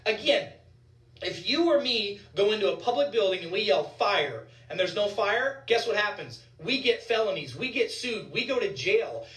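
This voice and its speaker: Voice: medium pitch, animated, moderate pace, fairly bright tone, distant mic. A physician giving heated vlog commentary, indignant and ranting, repeating points for emphasis. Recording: echoey room, voice set back from the mic.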